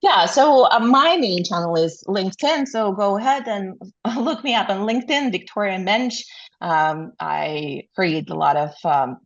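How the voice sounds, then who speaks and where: A woman's voice: mid-range voice, expressive, measured pace, muffled recording. A woman speaking as a coach in an interview, with frequent fillers and rhetorical questions. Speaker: burnout coach, guest. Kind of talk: interview answers.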